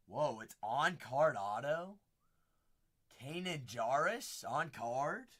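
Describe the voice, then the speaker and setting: A man's voice: medium pitch, slow pace. A man hosting a live card break, chatting and exclaiming as he opens packs. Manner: excitable, exclaiming, chatty asides.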